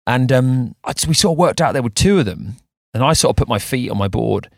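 A man's voice: mid-range voice, expressive, a little fast, gravelly, no room sound, clean studio sound. A man co-hosting a surf podcast, telling a story in a rambling way with frequent restarts. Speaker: podcast co-host. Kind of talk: casual chat.

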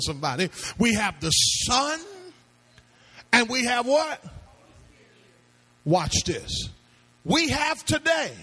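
A man's voice: high voice, a bit bright. A male pastor preaching a sermon to a congregation, with emphatic call-and-response questions and phrases that he sings out. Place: church before a congregation.

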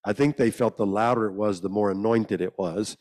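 A man preaching in a church hall with a slightly low voice. He tells his stories with humour and mimics the people in them. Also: fairly even intonation, a little fast, darkish tone. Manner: humorous, acts out the people he quotes in higher voices. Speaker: guest preacher. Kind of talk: storytelling sermon.

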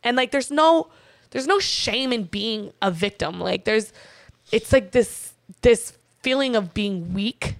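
A woman's voice: fairly high pitch, slow pace, no echo. A woman in an interview, candidly telling a personal story in blunt, profane talk full of fillers. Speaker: interview guest.

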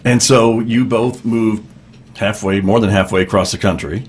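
Male host, lowish voice, chatty, hesitant, faint hum behind. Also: steady tone, normal speed. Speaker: radio host. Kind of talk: casual interview.

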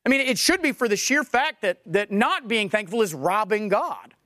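Male pastor, animated sermon delivery, expressive pitch, dry mic. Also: normal speed, no echo. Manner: animated, acts out back-and-forth dialogue. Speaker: preacher.

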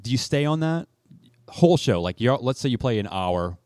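A man hosting a podcast, asking relaxed, curious questions in casual chat. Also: mid-range voice, normal speed, no room sound, clean studio sound. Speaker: podcast host.

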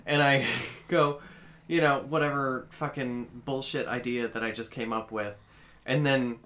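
A man with a bright, sharp voice co-hosts a loose comedy podcast. He jokes constantly and swears casually, breaking into laughs between riffs. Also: medium pitch, unhurried. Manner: joking, profane, laughs often.

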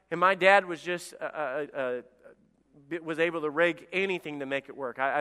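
Pastor, male, preaching with a high, clear voice; long church-hall reverb. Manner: animated preaching, acting out voices of David and God. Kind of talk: sermon.

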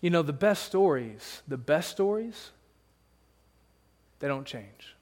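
A man's voice: a little high, sing-song, takes it slowly, darkish tone, long reverb tail. A man pastor preaching a sermon, conversational and emphatic, with rhetorical questions to the congregation.

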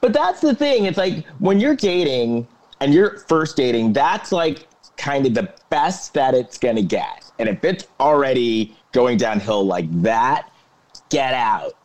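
A man's voice: mid-range voice, measured pace. A man co-hosting a podcast, recapping a film in casual chat and acting out the characters' lines with dramatic flair. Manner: animated, acts out quotes with dramatic flair. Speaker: podcast co-host.

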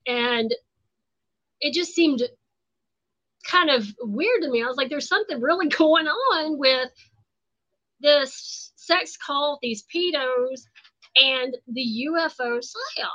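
A woman guest telling stories in a blunt, animated, profane way in casual chat. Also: sits high, slow pace, pauses often. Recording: dull lo-fi sound.

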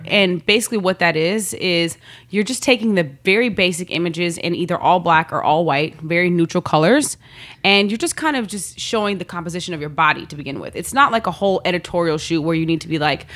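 A woman telling a story in casual chat, animated and slangy, often laughing and acting out what people said. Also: lowish voice. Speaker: guest, model.

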